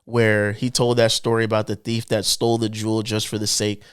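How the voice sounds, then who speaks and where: A young man co-hosting a podcast, talking in an emphatic, animated way that swings between low drawn-out remarks and excited bursts. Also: smooth. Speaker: podcast co-host. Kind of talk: casual podcast commentary.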